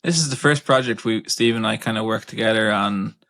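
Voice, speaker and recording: A man's voice: lowish voice, fairly quick, fairly bright tone. An Irish man co-hosting a podcast, chatty and bantering in casual conversation. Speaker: podcast co-host.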